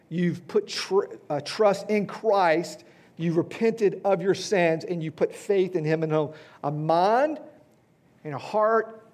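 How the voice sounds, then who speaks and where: In a church hall, a man in his fifties delivers a sermon in a high-sitting voice with a darkish tone. The pastor talks to his congregation conversationally, frequently asking "right?" and "okay?".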